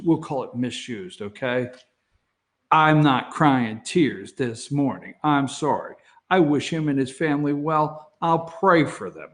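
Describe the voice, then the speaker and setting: A man hosting an opinionated morning talk show from an office, blunt and sarcastic, chuckling between self-mocking asides to the camera. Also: mid-range voice. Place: office studio. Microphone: facing a camera.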